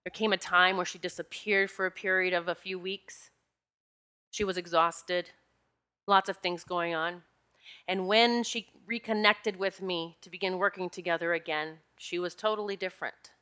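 A spiritual energy practitioner with a bright, forceful voice, pitched on the low side, tells a personal story at a moderate pace. Her relaxed monologue sounds animated and confiding, and she addresses her listeners directly.

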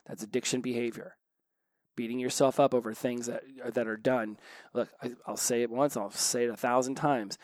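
A man in his forties speaks quickly and with energy in an easygoing motivational talk on recovery. His pitch sits in an ordinary middle range. The recording is dry and close. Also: dry recording. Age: 40s. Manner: animated, fast, keeps asking "right?".

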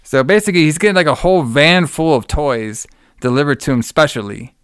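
A man's voice: fairly high pitch, brisk, fairly bright tone, clean tone, no echo, studio quality. A man in casual chat, retelling a movie plot in a loose, profane, rambling way and laughing often. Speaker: podcast co-host recapping a movie.

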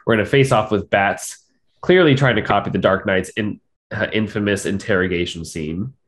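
Blunt, sarcastic man with a low voice. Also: moderate pace. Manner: blunt and sarcastic, with frequent fillers and repeats. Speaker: film review podcast co-host. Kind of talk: casual review chat.

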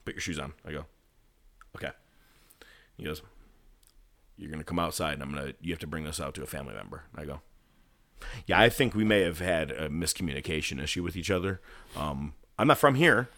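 A man casually telling a story, animated, swearing and laughing at his own misfortune. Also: low voice, creaky. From California.

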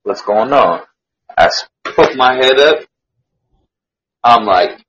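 A man telling a story in a casual chat, slangy, animated and swearing freely. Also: lowish voice, slow pace, pauses often, slight background noise, poor audio.

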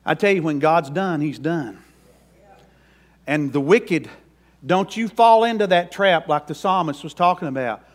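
A man's voice: a little high, expressive, unhurried. A middle-aged man preaching a sermon in a folksy, emphatic way as pastor.

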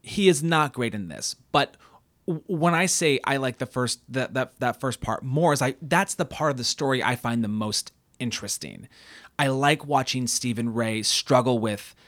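A man's voice: mid-range voice, normal speed, fairly bright tone, dry recording. A man co-hosting a casual film discussion, thoughtful and hesitant, often restarting sentences. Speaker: podcast co-host.

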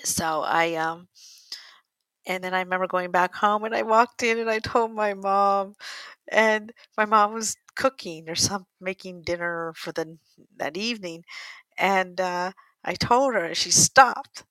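A woman's voice: medium pitch, unhurried, fairly bright tone, no echo, rough recording. An older woman from the United States telling a personal story in a casual, rambling way, correcting herself and laughing often. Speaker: interviewee.

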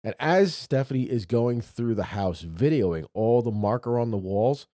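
A man's voice: medium pitch, normal speed, no echo, clean studio sound. A man in his thirties co-hosting a casual podcast, talking loosely and swearing freely. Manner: animated, swears freely, acts out quotes. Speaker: podcast co-host. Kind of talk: casual chat.

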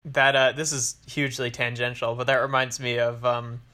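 A man's voice: medium pitch, level tone, normal speed, sharp tone. A man co-hosting a podcast, rambling along in casual chat and swearing freely.

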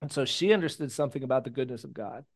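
A man preaching a sermon in a conversational, animated way, with jokey personal stories, hushed asides and sudden loud bursts. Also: medium pitch, very fast. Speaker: pastor.

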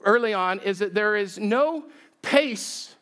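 Male pastor, high voice, animated sermon, self-deprecating humor. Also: slow pace, clear, resonant tone. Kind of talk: sermon with storytelling. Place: church sanctuary.

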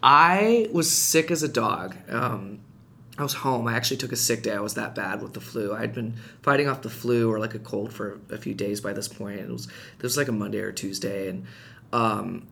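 A man telling a personal story in casual podcast chat, animated and rising in pitch when reliving heated moments. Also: normal speed, vocal fry, husky. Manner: frequent restarts and fillers, conversational. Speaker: podcast guest.

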